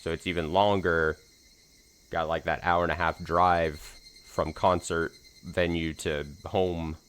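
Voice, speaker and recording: A man with a very low voice opens his let's play stream in a slightly hoarse, casual ramble. He talks in a loose, self-deprecating way and fills gaps with ums and likes. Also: level tone, a little slow, a bit bright. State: slightly hoarse from screaming the night before. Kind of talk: casual stream chat before reading a visual novel.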